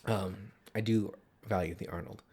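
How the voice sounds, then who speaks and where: A man's voice: sits low, fairly even intonation, moderate pace, a little mellow, slightly rough. A man co-hosting a casual podcast, joking, laughing often and rambling with restarts. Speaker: podcast co-host.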